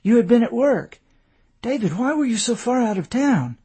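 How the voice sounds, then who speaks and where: A man's voice: extremely high pitch, sing-song, moderate pace, mellow, slightly rough, voice pushed up, heavily acted. A man voicing a worried, loving wife who pleads and comforts in a raised, tender tone.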